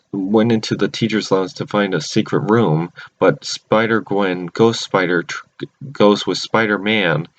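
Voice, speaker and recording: A man casually recapping a cartoon episode at home, rambling with many restarts and self-corrections. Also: on the low side. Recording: dull lo-fi recording.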